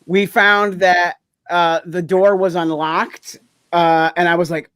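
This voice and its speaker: A man's voice: high-pitched, level tone, takes it slowly, fairly bright tone, smooth, dry recording. A man co-hosting a podcast, telling a story in casual chat with rambling phrasing. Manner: rambling, many "like" fillers. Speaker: podcast co-host.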